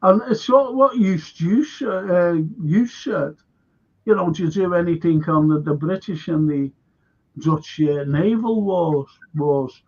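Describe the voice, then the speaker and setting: A man's voice: high voice, measured pace, muffled recording. A man with a Liverpool accent, a local historian telling rambling history anecdotes in a livestream chat and acting out the people in his stories. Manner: rambling anecdotes, acts out quoted voices.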